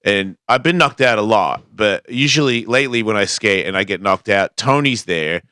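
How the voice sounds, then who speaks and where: A skateboarder guest on a talk show tells a personal story casually, acting out the voices of the people he quotes. His low-ish voice is smooth, pushed and bright, with lively intonation at a moderate pace, captured in a dry, clean studio recording.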